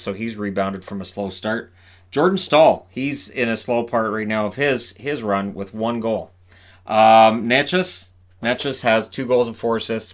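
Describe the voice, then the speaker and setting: A man talks through a hockey preview by himself. He rattles off records and scorelines at a steady clip and breaks in with casual, offhand asides. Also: fairly low pitch. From Canada. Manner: chatty, rapid stats rundown with asides. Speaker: hockey commentator. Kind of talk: solo game preview talk.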